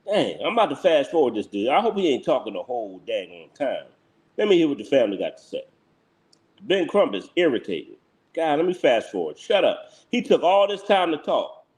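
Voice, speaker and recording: A man's voice: fairly high pitch, very animated, a little fast, darkish tone. A man with a Philadelphia accent, hosting a live reaction stream, bluntly ranting and scolding his chat. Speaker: livestream host.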